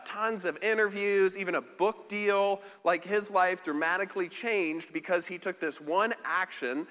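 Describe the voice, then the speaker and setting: A man's voice: high voice, sharp tone. Chatty man preaching in a reverberant hall. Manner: chatty, self-deprecating, many fillers and restarts. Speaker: pastor. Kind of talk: casual sermon. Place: large church hall. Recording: live sermon in a reverberant hall.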